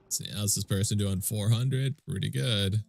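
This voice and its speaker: A man's voice: lowish voice, normal speed, creaky, darkish tone, faint music behind. A man with a stuffy nose, casually commentating his game stream and chatting with viewers in a laid-back, swearing way.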